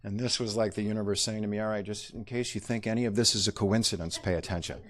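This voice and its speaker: A middle-aged man telling a personal story to an audience, halting and reflective, with many pauses and fillers. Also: fairly low pitch, fairly even intonation.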